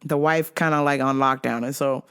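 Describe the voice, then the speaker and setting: A woman hosting a podcast, telling a comic story in an animated, profane way and laughing often. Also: very deep voice, moderate pace, smooth. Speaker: podcast host. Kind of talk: casual comedic storytelling.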